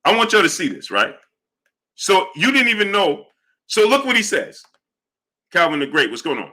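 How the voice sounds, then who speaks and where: A man's voice: on the high side, sing-song, moderate pace, bright, forceful tone. A man hosting a live boxing stream, arguing with chatters and greeting them by name. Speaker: livestream host. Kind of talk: live chat boxing talk.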